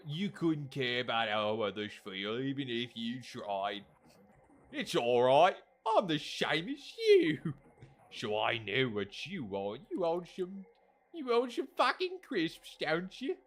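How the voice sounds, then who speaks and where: A man's voice: medium pitch, sing-song, very slow, long pauses. A man voicing a rude, toothy male mouth creature in a video game, trading crude insults in a wobbly put-on British accent. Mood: sneering. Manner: shouting, hostile, crude insults.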